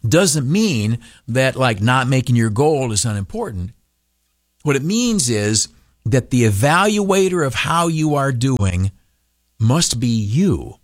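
A male radio broadcaster speaks slowly through an animated motivational talk, pausing often on uhs and adopting mocking high voices. The recording is dry with clean studio sound.

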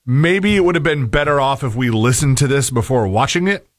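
A man's voice: mid-range voice, animated, a little fast, no echo, studio quality. A man co-hosting a talk radio show, musing in a hesitant, casual way. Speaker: radio co-host.

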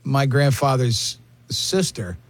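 A man's voice: mid-range voice, expressive, takes it slowly, dry recording. A middle-aged man hosting a morning radio show, bantering in a wisecracking, self-mocking way.

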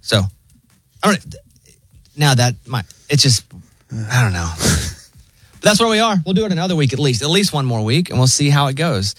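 A man hosting a radio show, telling stories in relaxed, casual banter with a dry delivery. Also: mid-range voice, moderate pace, pauses often, slightly rough, dry recording. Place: radio studio. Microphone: studio microphone.

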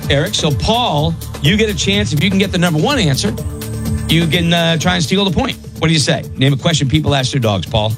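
A playful man hosting a homemade game show, his pitch swooping high and low as he teases the players and stretches out the questions. Music plays behind him. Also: expressive. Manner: playful, laughs easily, drawn-out mock announcer tone. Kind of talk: hosting a casual family-feud style game.

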